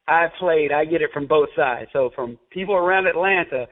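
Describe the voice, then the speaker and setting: A man with a Southern US accent hosting a podcast, chatty and quick to laugh, with plenty of "you know" fillers. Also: a little high, steady tone. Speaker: podcast host. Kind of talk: casual chat. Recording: tinny phone-like audio.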